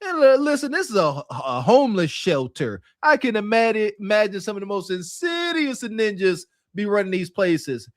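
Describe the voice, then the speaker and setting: A man's voice: high-pitched, big pitch swings, normal speed, hardly any pauses, no echo, studio quality. A man co-hosting a podcast, giving mocking, emphatic commentary. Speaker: podcast co-host. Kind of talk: casual commentary.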